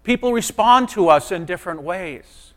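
A man preaching a sermon as pastor, in an earnest, conversational way that often drops into soft, quiet asides. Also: high voice, lively intonation, normal speed. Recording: long reverb of a large hall.

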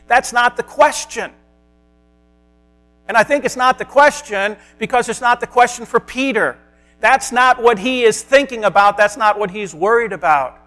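A man preaching a sermon as a pastor, earnest, sometimes dropping to a soft hush. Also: very high-pitched, measured pace, soft background music.

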